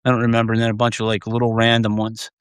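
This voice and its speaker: Guy rambling on his livestream, cusses a lot, keeps laughing, smooth voice, dead dry sound. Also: medium pitch, monotone, racing, no echo. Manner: profane, laughs often, trails off and restarts. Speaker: livestream host. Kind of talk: casual rambling livestream chat.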